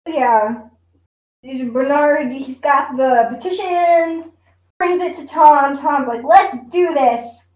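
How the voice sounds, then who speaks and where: A woman's voice: high-pitched, takes it slowly. A young woman co-hosting a podcast, chatting casually about a TV episode with a giggly manner and lots of fillers. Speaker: podcast co-host. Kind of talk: casual chat recapping a TV episode. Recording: roomy echo.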